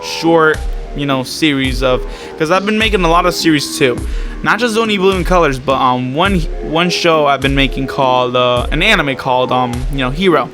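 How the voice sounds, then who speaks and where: Over background music, a man with a slightly high voice talks at a normal speed about his animation projects. He's an animation creator and vlogger, and his casual vlog talk rambles along with lots of fillers and restarts.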